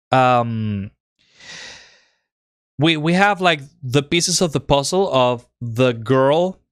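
Male streamer, excited and rambling, clear voice, dry close mic. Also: medium pitch, dry recording. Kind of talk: live-stream commentary.

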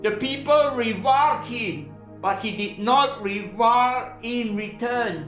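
A woman preaching a sermon in short, measured phrases, pausing for an interpreter. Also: on the high side, fairly bright tone, reverberant, faint music behind.

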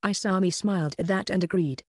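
An audiobook narrator reading a web novel in an even, unhurried way. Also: medium pitch, slightly rough, no room sound, studio quality.

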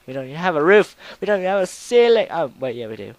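A young man commentating a video game in a casual, rambling, goofy way, with sudden loud outbursts. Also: fairly high pitch, very animated, quick pace, few pauses. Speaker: gameplay commentator.

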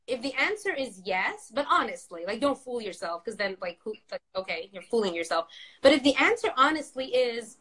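A woman's voice: a little high, lively intonation, normal speed, fairly bright tone. A woman therapist on a casual live video call, explaining things thoughtfully with many fillers and restarts. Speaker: therapist guest. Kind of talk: casual live-stream conversation.

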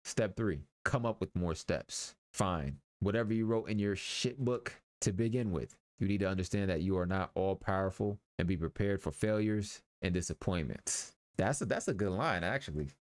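A man's voice: low voice, normal speed, hardly any pauses, no echo. A young man casually commentating a game, reading its text aloud and adding loose, slangy jokes with some swearing. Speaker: gaming YouTuber.

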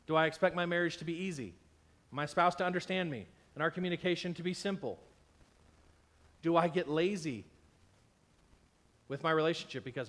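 A man preaches from the pulpit in a slightly higher-than-usual voice, pressing his points with emphasis. He slips into little acted-out complaints to make his case. He sounds a bit tired and under the weather. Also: fairly quick, pauses often, fairly bright tone. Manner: emphatic, acts out imagined complaints. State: unwell, tired with stomach ache. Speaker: pastor. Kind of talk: sermon.

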